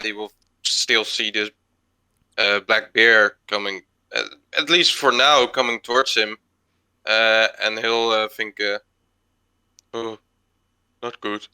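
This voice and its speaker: A young man playing a character in a tabletop game, speaking hesitantly with many pauses and uhs. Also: medium pitch, fairly even intonation, bright, forceful tone, smooth, rough recording. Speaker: player. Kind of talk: casual tabletop game chat.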